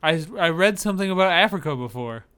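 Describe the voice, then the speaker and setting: A man's voice: fairly high pitch, animated, fast talker, sharp tone, clean tone. A man co-hosting a casual chat about movie trailers, rambling with hesitant fillers and dry humor. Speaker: podcast co-host.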